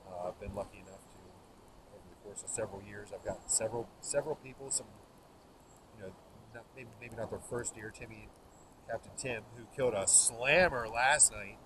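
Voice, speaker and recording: A man's voice: fairly low pitch, fairly quick. A man, host of the show, telling rambling, folksy hunting stories around a campfire outdoors. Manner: folksy, rambling, laughs at his own stories. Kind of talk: casual storytelling by a campfire. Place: outdoors by an open fire. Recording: outdoor recording with steady background noise.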